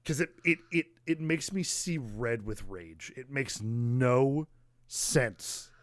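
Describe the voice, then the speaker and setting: A man from the United States co-hosting a podcast in casual chat, animated, full of fillers and mock outrage. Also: mid-range voice, slow pace, no room sound, clean studio sound. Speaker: podcast co-host, musician.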